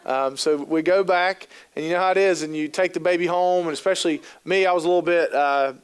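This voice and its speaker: A man's voice: on the high side, steady tone, brisk, clear, resonant tone. Upbeat man telling jokey stories on stage. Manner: jokey, acts out quoted voices, lots of fillers. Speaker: keynote speaker on youth work. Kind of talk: humorous storytelling talk to an audience. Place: conference hall.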